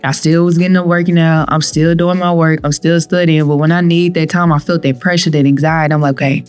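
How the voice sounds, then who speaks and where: A young adult woman, a guest on an interview podcast, telling her own story in an animated way. She acts out what she and others said, and often laughs as she goes. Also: deep voice, brisk, clear, resonant tone, soft background music. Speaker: guest, cannabis entrepreneur with a pharmacy doctorate.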